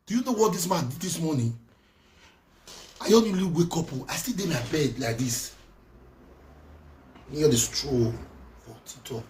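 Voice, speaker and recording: A Nigerian man speaking in Pidgin English, his voice sitting a little high. He scolds and rants in an animated monologue, repeating himself and swinging between loud bursts and quieter lines. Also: unhurried, pauses often, slight background noise. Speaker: social media commentator. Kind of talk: heated monologue.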